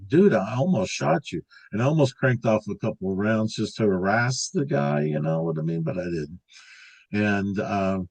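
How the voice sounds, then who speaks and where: A man's voice: fairly low pitch, darkish tone, low-quality recording. A man in his sixties, an interview guest, telling a long story casually, rambling with restarts and filler words. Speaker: interview guest recounting an encounter.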